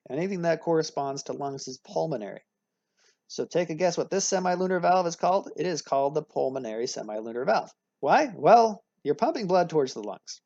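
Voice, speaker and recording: This is a man with a slightly high, warm voice, lecturing on anatomy in a recording. His manner is easygoing and upbeat, with lots of analogies and frequent mid-sentence corrections. The sound is dry and a little dull.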